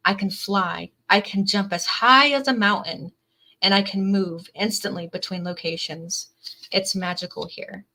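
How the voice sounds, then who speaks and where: A woman's voice: medium pitch, bright, forceful tone, rough recording. A woman giving an earnest, emotional tarot reading to camera, reading card messages aloud and filling her talk with "definitely" and "like". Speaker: tarot reader.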